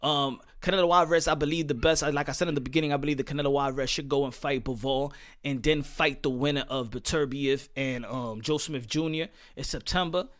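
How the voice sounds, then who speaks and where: A man's voice: mid-range voice, steady tone, quick pace, a bit bright. An American man hosting a boxing channel, ranting in a heated, profane monologue full of repeated rhetorical questions. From United States.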